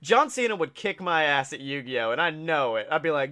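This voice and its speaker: A man co-hosting a casual wrestling podcast, excitable and laughing often, slipping into quick impressions as he tells stories. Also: a little high. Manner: excitable, laughing, doing quick voices of people he talks about. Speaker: podcast co-host.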